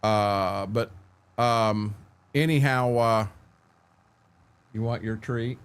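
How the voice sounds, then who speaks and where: Chatting on his home livestream, a middle-aged host spins meandering, candid stories, restarting frequently and responding to viewers by name. He has a smooth, fairly low voice and draws out his words.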